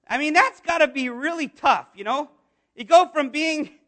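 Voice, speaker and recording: High, bright-voiced animated pastor. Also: male voice, normal speed. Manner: animated, asks the congregation questions. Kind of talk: sermon.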